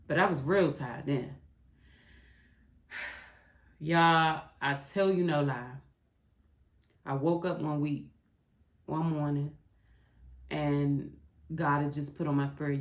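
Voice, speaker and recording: Podcast host, middle-aged woman, deep voice, raw and heartfelt, talks straight to "y'all", roomy sound. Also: fairly even intonation, slow pace, long pauses. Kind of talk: candid confessional monologue. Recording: roomy echo.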